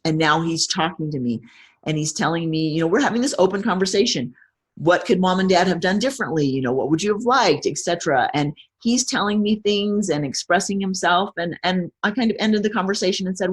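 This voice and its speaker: A middle-aged woman speaking as an interview guest, reflective and measured, often restarting her sentences. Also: on the low side, slightly rough. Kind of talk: personal interview conversation.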